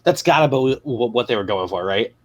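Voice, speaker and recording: A man's voice: medium pitch, expressive, a little fast. A man co-hosting a podcast, chiming in with laid-back, agreeable banter. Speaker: podcast co-host. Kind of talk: casual chat.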